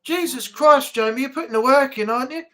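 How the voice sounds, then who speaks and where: A man's voice: very high voice, fast, bright, forceful tone. A man hosting a casual live chat stream from home, chatty and grumbling, swearing now and then.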